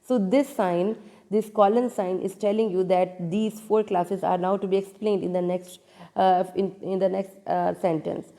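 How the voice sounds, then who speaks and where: A woman teacher giving a grammar lecture, halting and restarting often, putting questions to her students. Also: medium pitch, fairly even intonation, dark tone, in a large hall. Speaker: English teacher.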